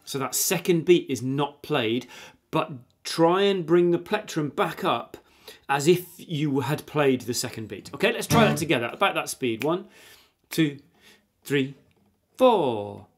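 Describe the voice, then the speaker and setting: A man's voice: on the high side, animated, moderate pace. A man teaching a guitar lesson, patiently counting beats aloud and explaining strum directions while he plays. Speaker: music teacher. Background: guitar playing.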